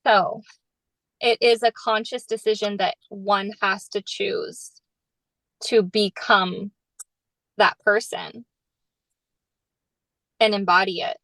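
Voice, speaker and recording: A woman's voice: medium pitch, fairly bright tone, dry recording, rough recording. A woman author chatting on a podcast, talking in an earnest, reflective, spiritual way. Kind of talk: casual podcast chat.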